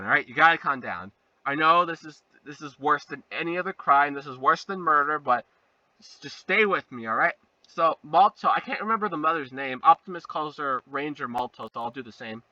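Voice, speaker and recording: Young male reviewer, high and lively, very bright and sharp tone, sarcastic comic delivery, muffled and slightly off-mic. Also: no room sound, recorded from a distance. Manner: animated, sarcastic, jumps into silly voices. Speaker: video reviewer. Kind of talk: comedic fake review monologue.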